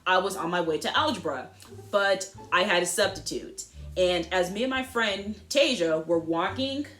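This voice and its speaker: A teenage girl vlogger telling a school story in an animated, slangy way, full of asides. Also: on the low side, moderate pace. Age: teens. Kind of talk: storytime vlog.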